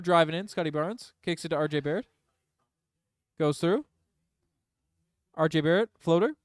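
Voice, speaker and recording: A young man runs fan play-by-play on a livestream, rattling off plays and bursting out loudly when things swing his team's way. His voice is smooth and a touch high. He sits close to a dry mic with no room sound. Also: dry recording. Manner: partisan, swings between rapid calls and loud outbursts. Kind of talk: excited fan play-by-play commentary.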